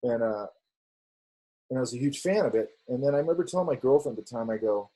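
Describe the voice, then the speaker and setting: A man's voice: medium pitch, expressive, fast talker, warm tone, poor audio. A man hosting a live class, chatting casually on a tangent and acting out quoted exchanges. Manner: rambling, acts out quoted dialogue. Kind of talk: casual talk.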